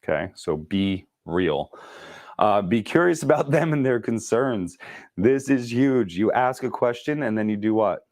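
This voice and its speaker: A man running a casual real estate sales training, talking fast and joking with the group. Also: lowish voice, expressive, a little mellow, dry recording, clean studio sound. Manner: talks fast, chatty and joking.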